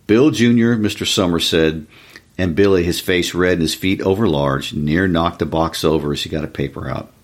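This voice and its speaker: A man reading a short story aloud in a calm, even storytelling manner, shifting his voice for each character. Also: low-pitched, moderate pace. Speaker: reader.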